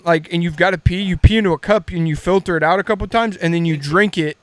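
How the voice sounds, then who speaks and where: A man's voice: high voice, fast, few pauses, dry recording. A man in his twenties with an American accent, co-hosting a podcast and telling rambling stories in casual chat, laughing often. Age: 20s. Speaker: podcast co-host.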